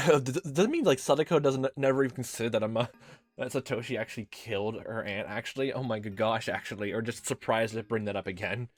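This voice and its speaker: A man's voice: mid-range voice, fast talker, no room sound, soft background music. Rambling young man doing game commentary. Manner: rambling, self-correcting, chuckling asides. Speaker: let's play host. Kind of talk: casual game commentary and reading.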